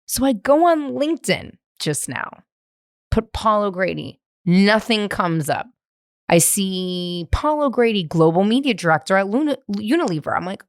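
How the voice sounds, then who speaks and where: A woman in her thirties from San Francisco, hosting her podcast and telling a story in a candid, animated, profane way. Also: mid-range voice, normal speed, no echo, clean studio sound. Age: 30s. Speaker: podcast host. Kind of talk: casual storytelling monologue.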